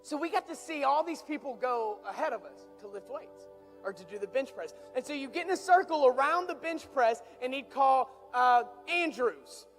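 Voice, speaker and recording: A young man preaching through an animated personal story, building from quiet asides to excited shouts. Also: extremely high pitch, moderate pace, soft background music. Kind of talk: storytelling sermon.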